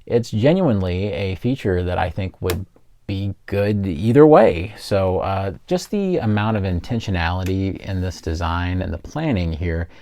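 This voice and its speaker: A man's voice: low voice, expressive, a little slow, mellow. A man giving a casual, enthusiastic toy review, chuckling often as he demonstrates.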